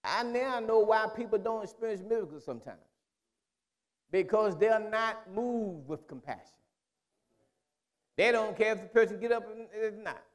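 Male pastor, high-pitched, conversational sermon. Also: expressive, moderate pace, pauses often. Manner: repetitive, conversational preaching with restarts.

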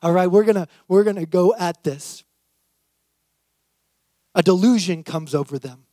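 A man, a youth and worship pastor, preaching a sermon and reading scripture aloud with lively, acted-out emphasis. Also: high voice, measured pace, no echo.

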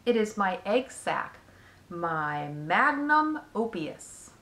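A woman voicing a wise, gentle female spider who talks slowly and calmly in a storybook reading. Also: medium pitch. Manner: slow, calm, measured. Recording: echoey room.

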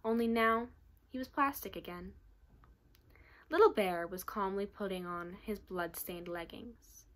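A woman student reading a children's novel aloud with steady, expressive storytelling. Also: medium pitch, unhurried. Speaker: student reader.

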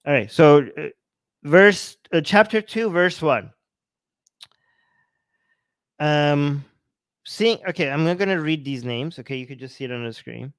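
A man giving sarcastic, animated commentary on scripture, often restarting his sentences. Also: fairly high pitch, unhurried, long pauses. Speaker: podcast co-host.

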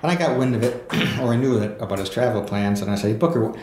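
A man's voice: medium pitch, fast, a little mellow. A man, a book author, telling anecdotes in a casual podcast interview, with fillers and chuckles. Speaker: author guest. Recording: echoey room.

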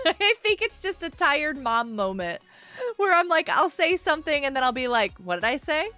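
A woman's voice: sits high, big pitch swings, moderate pace, pushed and bright, faint music behind. A woman in her thirties chatting with viewers while she plays on a live gaming stream, bubbly and giggly.

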